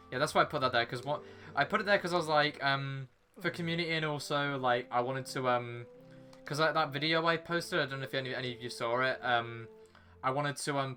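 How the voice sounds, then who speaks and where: A young man streams a game and chats with his viewers in a loose, rambling way, with a bright, forward voice at an ordinary pitch. He sounds a little sniffly from a runny nose. Faint game music plays behind him. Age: young adult. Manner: chatty, rambling, talks to chat and game character. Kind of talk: casual live-stream chat.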